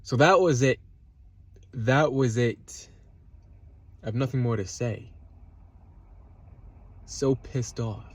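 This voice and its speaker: A man's voice: mid-range voice, slow, long pauses, breathy edge. A man telling a road-rage story in a heated, profane rant, repeating himself, his voice jumping up when he gets upset. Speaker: vlogger. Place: at home, eating a salad.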